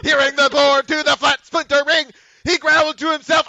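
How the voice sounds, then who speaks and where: A man's voice: extremely high pitch, flat delivery, normal speed, heavy background noise. A man co-hosting a comedy podcast, giving a comedic dramatic reading in plain narration that sometimes breaks into chuckles. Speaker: podcast co-host reading aloud.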